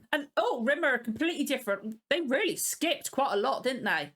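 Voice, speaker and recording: A woman hosting a reaction video, excitedly gushing with nostalgia in casual commentary. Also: sits high, fairly quick, few pauses.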